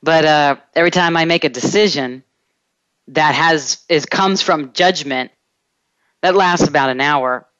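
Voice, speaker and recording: Self-help host, smooth resonant voice, unhurried and deliberate; dry, slightly dull lo-fi recording. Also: mid-range voice, fairly bright tone, no room sound. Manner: slow, deliberate, stretching words in lists. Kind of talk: reflective coaching monologue.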